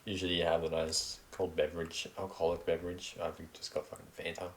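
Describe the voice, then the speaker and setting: Young aussie guy, really low voice, laid back rambling chat, bit of faint hiss behind. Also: level tone, fast. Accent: Australian. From Australia. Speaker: podcast host. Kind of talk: casual solo podcast chat.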